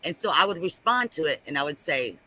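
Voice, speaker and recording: A man talking on a casual live stream, animated and ranting, repeating himself as he makes his point. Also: fairly high pitch, quick pace, rough recording.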